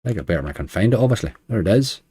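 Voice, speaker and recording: A man's voice: on the low side, lively intonation, rapid-fire, dark tone, breathy edge, dry recording, clean studio sound. A middle-aged man with a Northern Irish accent, streaming online slots and chatting casually while grumbling at the game. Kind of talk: casual live-stream commentary.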